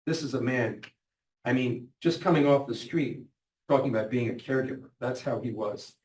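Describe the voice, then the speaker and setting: A man's voice: medium pitch, normal speed, a little mellow. A middle-aged man giving a lecture, earnestly retelling patients' stories in their own words. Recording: echoey hall, mic at a distance, faint noise.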